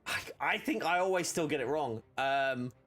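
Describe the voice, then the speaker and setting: With soft music playing behind him, a man chats casually on a game stream, rambling along with plenty of fillers and restarts. His voice is a little high and fairly bright, at a moderate pace.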